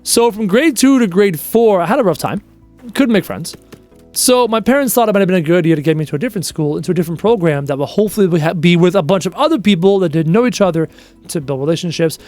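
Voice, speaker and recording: Young male streamer from Canada, high voice, rambling casual chat over faint game music. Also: animated, fast talker, darkish tone. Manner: rambling, chatty, jokes and bursts into quoted bits.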